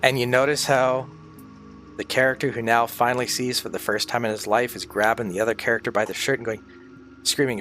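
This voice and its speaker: A man's voice: mid-range voice, little pitch movement, brisk, a bit bright, faint music behind. A man chatting casually on a livestream, rambling and swearing freely, sounding tired and sick.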